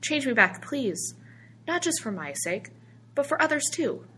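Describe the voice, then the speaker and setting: A woman's voice: fairly low pitch, lively intonation, fast, bright, forceful tone, a little hiss or hum. Desperate guy begging to go back, urgent, woman reading. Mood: pleading. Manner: pleading, urgent. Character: desperate grown man, pleading.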